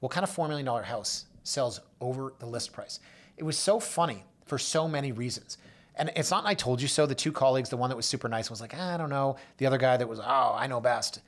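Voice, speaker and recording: A man hosting a real estate show, telling client stories in a casual monologue and acting out the people he quotes. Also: fast talker. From Canada. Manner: storytelling, acts out quoted voices with big pitch jumps. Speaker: realtor and show host.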